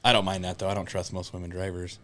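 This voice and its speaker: A man's voice: deep voice, fast. A young man on a podcast telling road stories in casual chat, cursing freely and acting out what people said. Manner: animated storyteller, swears freely, acts out quotes. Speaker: podcast co-host.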